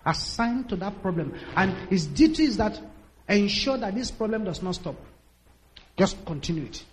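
A preacher with a high-pitched male voice delivers a sermon as a string of dramatic stories. He acts out the voices of the people in them and lets his words rise and fall. A faint hiss of noise sits behind him. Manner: dramatic storytelling, acts out quotes, builds to shouted prayer. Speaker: pastor.

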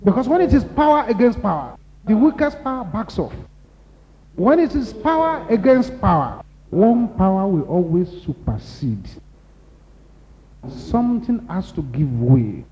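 A man with a Nigerian accent preaching a sermon, emphatic and repetitive, building to loud exclamations. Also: sits high, big pitch swings, a little slow, a little hiss or hum. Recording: dull lo-fi recording in a reverberant hall.

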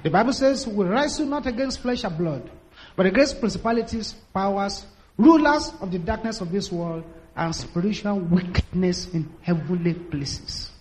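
A man's voice: high-pitched, lively intonation, normal speed. A man preaching a sermon, telling stories with drama and acting out the voices of the people in them. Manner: dramatic storytelling, acts out quotes, builds to shouted prayer. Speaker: pastor.

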